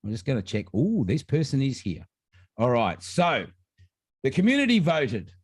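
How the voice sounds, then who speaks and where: Animated man hosting a livestream. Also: mid-range voice, moderate pace, slightly rough, dry recording, studio quality. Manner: animated, repeats his points for emphasis. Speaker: host. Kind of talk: live stream prize announcement.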